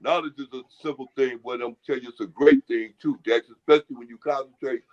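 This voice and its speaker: A man's voice: mid-range voice, steady tone, quick pace. A man in casual chat who rambles, repeats himself and hands out folksy advice. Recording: lo-fi muffled audio.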